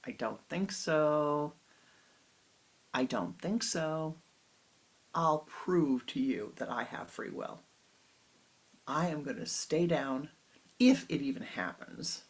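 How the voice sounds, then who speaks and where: A woman voicing a proud, stubborn male disciple who slowly insists that he has free will. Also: a bass voice, breathy edge, exaggerated voice. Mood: defiant. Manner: slow, insistent, defiant.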